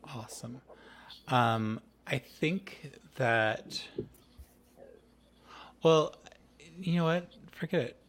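A man's voice: mid-range voice, drawn-out words, long pauses, a bit bright, a little hiss or hum. A man acting as game master, narrating a tabletop game over an online call and asking players questions with frequent restarts. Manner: hesitant, many restarts and questions.

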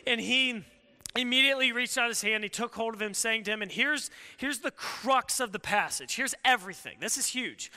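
Bright high-voiced preacher in a reverberant hall. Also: male voice, moderate pace. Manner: conversational, animated, acts out quoted voices. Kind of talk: sermon.

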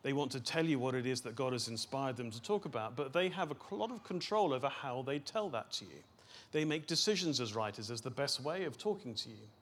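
A man reading scripture aloud, then teaching a seminar on it, slowing down and stressing single words. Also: mid-range voice, animated, a bit bright, slightly rough.

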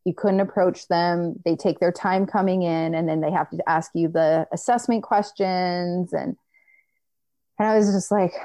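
A young woman telling a personal story in casual chat, animated, acting out what others said, with many filler "likes". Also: lowish voice, a little slow, dry recording.

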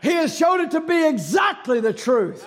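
A man preaching a fiery sermon, shouting emphatically and hammering home repeated rhetorical questions. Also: very high voice, big pitch swings, normal speed.

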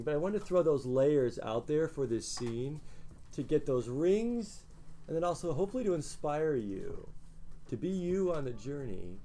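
A male teacher giving a classroom lecture, earnest and animated as he talks to his students. His voice sits a little on the high side, with a faint hum of noise behind it.

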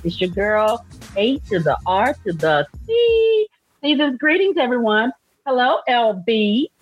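A woman's voice: a little high, sing-song, unhurried, husky, no room sound, soft background music, rough recording. A woman hosting a podcast in a casual chat, with a playful, teasing manner. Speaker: podcast host.

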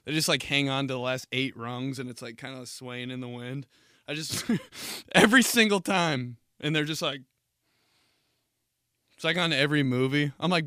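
A man's voice: mid-range voice, normal speed, pushed and bright, clean tone, no room sound, studio quality. A man hosting a podcast and telling crude, rambling comic stories in a casual monologue. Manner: crude, rambling, jokey storytelling. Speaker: podcast host.

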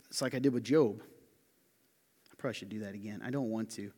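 A man with a Southern US accent preaching a sermon as pastor, animated and joking, swinging between loud emphasis and hushed asides. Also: on the low side, a little fast, pauses often, slightly rough. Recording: reverberant hall.

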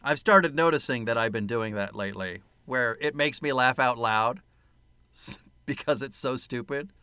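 A man's voice: mid-range voice, normal speed, sharp tone, smooth, no echo. A man co-hosting a casual movie-review podcast, sarcastic, swearing freely and laughing at his own jokes. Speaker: podcast co-host.

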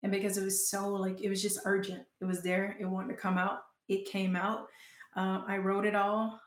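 A woman's voice: mid-range voice, level tone, moderate pace, reverberant. A young adult woman from Georgia with a Southern accent, talking casually as a guest in an interview and using many "like" fillers. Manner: chatty, frequent "like" fillers. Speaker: guest, performing artist and author.

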